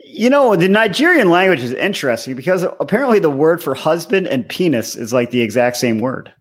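A man trading dry, sarcastic remarks on a casual comedy podcast. His pitch swings widely while staying a touch above most men's, and his delivery stays wry and offhand. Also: big pitch swings, fairly quick, husky. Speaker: podcast co-host. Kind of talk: casual comedic show-review chat.

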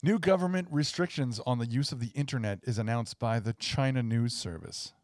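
A man's voice: medium pitch, fairly quick, a little mellow, dry recording. A man co-hosts a casual podcast, reading out news items from a list and laughing along with his partner. His voice is in the ordinary middle range for a man, recorded dry and close. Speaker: podcast co-host.

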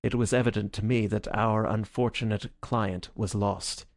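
A man narrating an audiobook in a steady, even reading style. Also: fairly low pitch, normal speed, creaky, no echo, studio quality.

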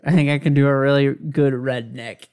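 A man's voice: mid-range voice, fairly even intonation, normal speed, a little mellow, clean tone. A man co-hosting a casual chat, teasing his partner in a mock-stern way.

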